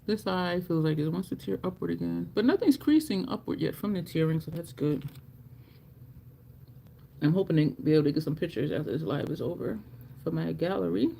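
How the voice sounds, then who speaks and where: A woman's voice: fairly low pitch, lively intonation, a little fast, gravelly, warm tone, a little hiss or hum. A woman chatting casually on a makeup livestream, rambling and laughing at her own stories. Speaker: livestream beauty host. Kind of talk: casual livestream chat while doing makeup.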